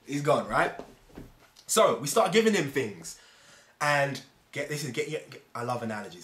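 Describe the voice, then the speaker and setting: A man's voice: fairly high pitch, sing-song, brisk, fairly bright tone, a little hiss or hum. A man talking casually to camera as a fitness vlogger, rambling and fond of analogies. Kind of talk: casual explainer monologue. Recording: echoey room.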